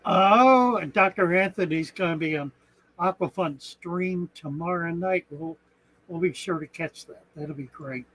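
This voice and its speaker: A man's voice: fairly high pitch, measured pace, a bit bright, rough recording. A man hosting a casual aquarium live stream, rambling and thinking aloud, with a chuckle now and then. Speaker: aquarium channel host.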